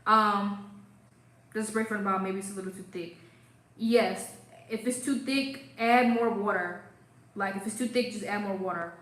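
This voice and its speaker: A woman's voice: mid-range voice, steady tone, normal speed, fairly bright tone, echoey room, low-quality recording. Chatty woman hosting a hair livestream. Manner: chatty, playful, lots of "like" and "um". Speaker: hair care livestream host. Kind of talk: casual livestream chat, reading comments.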